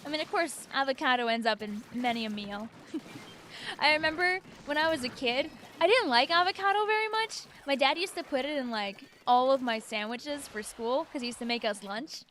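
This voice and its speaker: A high, bright-pitched woman with a Long Island accent chats loosely on a gaming livestream. She rambles from one thought to the next and answers viewers' messages as they come in, in an easy, talkative way. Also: lively intonation, normal speed, a little hiss or hum. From New York, USA. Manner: chatty and rambling, answers chat messages aloud. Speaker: streamer. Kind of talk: casual livestream chat while gaming.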